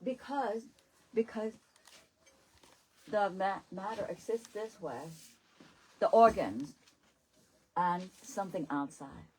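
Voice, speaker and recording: Speaking slowly with long pauses and a breathy edge, a Buddhist nun delivers an animated dharma talk at a retreat. Her voice is mid-range, her English grammar is a little non-native, and she laughs frequently and repeats herself. It's a rough recording made in a retreat center teaching hall.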